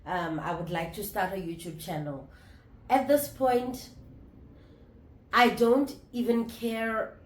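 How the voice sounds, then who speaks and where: A woman in her thirties talking candidly to camera in a casual vlog, reflective and halting, often restarting her sentences. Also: mid-range voice, steady tone. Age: 30s. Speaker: vlogger. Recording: roomy echo.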